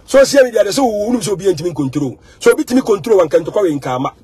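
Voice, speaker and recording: Ghanaian male commentator, high and raspy, emphatic and repetitive. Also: animated, very fast, darkish tone, no echo. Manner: emphatic and repetitive, mixing in English phrases. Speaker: social media commentator. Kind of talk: animated monologue.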